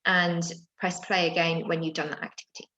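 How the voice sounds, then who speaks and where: A woman's voice: lowish voice, level tone, brisk, pushed and bright, echoey room, lo-fi sound, slight background noise. A woman teaching primary school children in a recorded home lesson, explaining tasks patiently with the odd filler.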